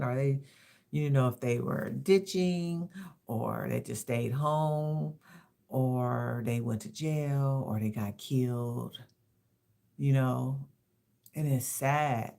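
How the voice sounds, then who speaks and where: A woman in her fifties shares personal reflections at a slow, unhurried pace. Her voice carries a gravelly, creaky texture. She halts and repeats words as she searches for what to say. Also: extremely low pitch. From Los Angeles, USA. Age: 50s. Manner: halting and reflective, repeats words, soft-spoken candor. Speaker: livestream host.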